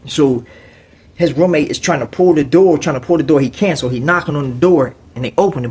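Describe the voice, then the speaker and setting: A man telling a story in loose, streetwise slang, throwing in conversational asides as he goes. His voice is husky and sits a little high for a man. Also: brisk, a little mellow. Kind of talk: casual storytelling.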